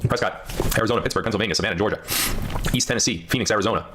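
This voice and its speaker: Man, deep voice, rapid-fire talk, casual livestream chatter, rambling. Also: very noisy. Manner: rapid, rambling, reads out viewer comments.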